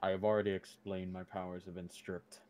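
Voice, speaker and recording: A man's voice: low voice, flat delivery, fairly quick, a little mellow, a little hiss or hum, pitched below the performer's own voice, natural voice. A man doing a haughty divine being. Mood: stern.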